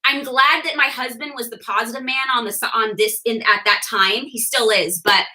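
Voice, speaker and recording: A young adult woman telling her personal story to a team, animated and laughing often as she acts out what people said. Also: on the high side, normal speed, poor audio. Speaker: direct sales leader sharing her story. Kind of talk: personal testimony talk to a team.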